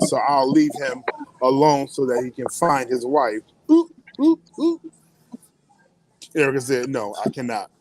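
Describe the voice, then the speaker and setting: A man hosting a casual morning radio show, telling stories in an animated way with frequent laughs. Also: a little high, background noise. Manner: animated storytelling, laughs and whoops often.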